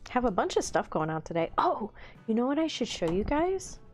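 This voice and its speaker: A woman's voice: fairly high pitch, big pitch swings, brisk, faint music behind. A woman hosting a casual livestream from a home hobby room, bubbly, giggly and effusive as she chats with viewers. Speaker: livestream host.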